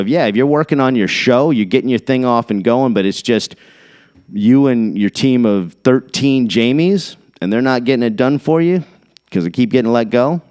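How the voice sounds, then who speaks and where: A man's voice: medium pitch, darkish tone, clean tone. A middle-aged man hosting a podcast, rambling casually, jumping between topics and reading definitions aloud off the screen. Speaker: podcast host.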